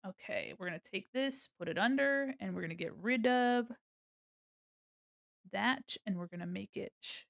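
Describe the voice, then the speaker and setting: A young woman chatting casually on a livestream while she draws, swearing freely, laughing often and softly singing along. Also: mid-range voice, vocal fry, dry recording, studio quality. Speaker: streamer.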